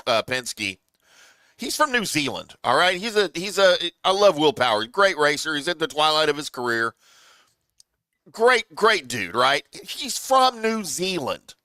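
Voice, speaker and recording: A man co-hosting a sports talk show, explaining at length in an animated, storytelling way. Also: fairly high pitch, normal speed, clear, resonant tone, no room sound. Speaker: co-host.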